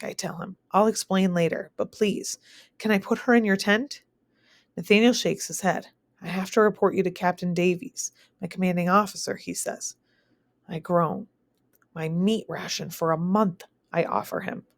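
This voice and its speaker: A woman teacher reading a novel aloud in the first person, steady and plain, with small slips now and then. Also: on the low side, no room sound.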